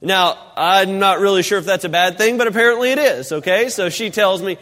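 A pastor delivers a relaxed, chatty sermon, wandering into folksy asides and restarts. His voice sits high for a man. The church sanctuary leaves a long reverberant tail on every phrase. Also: a little fast, hardly any pauses. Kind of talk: casual sermon.

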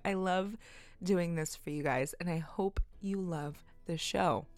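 A young woman hosting her own podcast, talking in a giggly, excitable way and swearing often. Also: on the low side, measured pace, dry recording, clean studio sound, faint music behind. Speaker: podcast host. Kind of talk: casual solo podcast.

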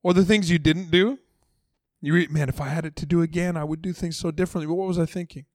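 Male preacher, relaxed storyteller, voices the characters, slightly high pitch, dry close sound. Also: quick pace, no room sound. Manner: conversational, acts out dialogue in casual voices. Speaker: pastor. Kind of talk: sermon.

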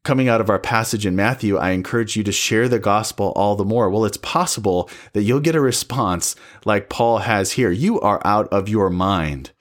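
A man giving a devotional Bible teaching, calm, earnest and measured as he reads and explains scripture. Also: on the low side. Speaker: preacher.

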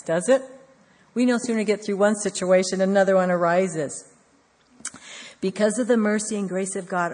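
Brief: low-voiced woman preacher, measured and earnest, long hall reverb. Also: a little mellow. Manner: measured, earnest, repetitive emphasis. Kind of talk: devotional sermon.

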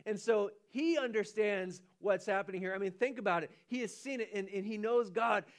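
A man preaching a sermon as pastor, animated, often restarting and repeating his words. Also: high-pitched, brisk. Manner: animated, acts out the angel's lines with rising excitement.

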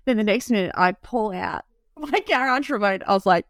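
Woman, animated storyteller, lively pitch, dry close mic. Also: brisk, dry recording. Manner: laughs often, animated storytelling. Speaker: podcast co-host. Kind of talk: casual chat.

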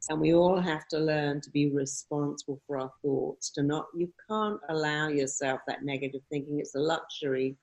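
A woman's voice: sits low, fairly even intonation, moderate pace, hardly any pauses, a little mellow, muffled recording. A woman answering interview questions in an emphatic way, often acting out quoted self-talk. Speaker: guest speaker on mindset.

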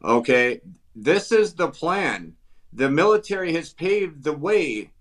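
A man's voice: on the high side, expressive, slow. Fervent man with an Upper Midwest accent. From Wisconsin. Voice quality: emphatic, repetitive, full of restarts. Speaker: guest. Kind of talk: fervent talk-show chat.

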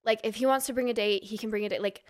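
A woman's voice: fairly high pitch, fairly even intonation, very fast. Gossipy woman telling a story. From Utah. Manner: gossipy storytelling, acts out quoted voices. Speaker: podcast guest. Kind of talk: casual chat.

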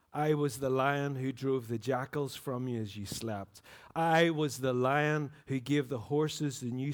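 A vast, ancient lion speaks from the dark, as a man reading a story puts him on. The voice is deep, quiet and large, with slow, solemn weight in every word. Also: lightly acted. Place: church.

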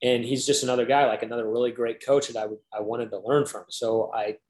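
A man's voice: medium pitch, fairly even intonation, fast, darkish tone, roomy sound, rough recording. A man in his thirties, a guest in an interview, telling a long story casually with lots of "like" and acted-out quotes. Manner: chatty, peppered with "like", acts out quoted dialogue.

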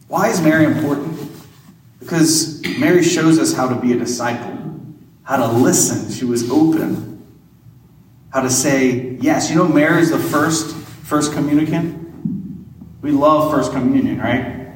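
A Catholic priest giving a homily in a conversational preaching style, asking rhetorical questions. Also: male voice, on the high side, moderate pace, long pauses, a little hiss or hum. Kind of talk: sermon. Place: large church. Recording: echoey church hall, mic far off.

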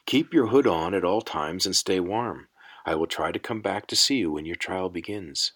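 A man's voice: fairly low pitch, sing-song, moderate pace, fairly bright tone, husky, full character voice. A man reading an audiobook, voicing a young woman who is anxious and caring toward her brother. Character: young woman, tender worried sister.

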